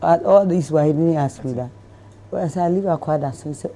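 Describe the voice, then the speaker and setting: A middle-aged Ghanaian woman telling a lively story in an interview, acting out the people in it. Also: low voice, fast, slight background noise. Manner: animated storyteller who acts out voices, laughing. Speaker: celebrity guest.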